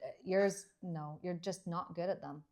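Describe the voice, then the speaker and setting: A woman's voice: lowish voice, fairly even intonation, a little slow, a little mellow. A middle-aged woman from Canada co-hosts a podcast in easy, casual chat. She answers with dry, teasing remarks and laughs readily. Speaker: podcast co-host, dentist.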